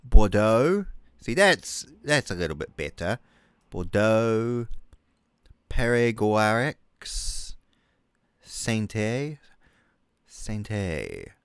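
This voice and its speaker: A New Zealand comedic YouTuber rants over a map, mocking, exasperated, and swearing a lot. His lowish voice swings hugely in pitch and moves slowly, with a slightly bright, clean tone and no echo.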